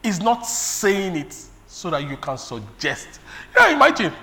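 A man from Nigeria preaching a sermon in a lively way, laughing often and breaking into sung refrains. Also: on the high side, slow.

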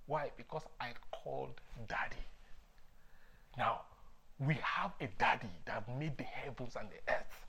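A man's voice: medium pitch, unhurried, creaky, fairly bright tone, slightly rough. A man preaching a sermon, telling personal stories, laughing often and raising his voice for emphasis.

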